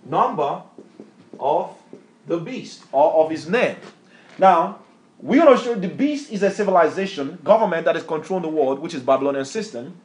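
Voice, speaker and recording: A man's voice: a little high, animated, normal speed, a little mellow. A man preaching a bible lesson, emphatic, repeatedly quizzing a reader with questions. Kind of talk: street-style bible teaching sermon.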